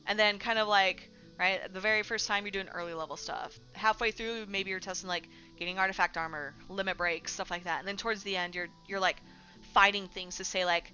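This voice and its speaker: A woman's voice: medium pitch, fairly even intonation, brisk, bright, forceful tone. A young woman streaming casually to her chat, ranting with lots of swearing and mocking gamers in silly put-on voices. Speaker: streamer discussing game news. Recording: slightly dull lo-fi stream audio with faint music.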